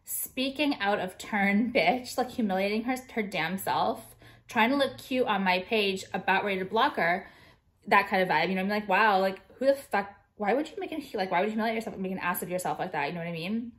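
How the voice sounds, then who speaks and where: A woman's voice: medium pitch, fast talker, fairly bright tone. A young woman designer vlogging casually, showing jewelry and ranting bluntly with lots of swearing and fillers.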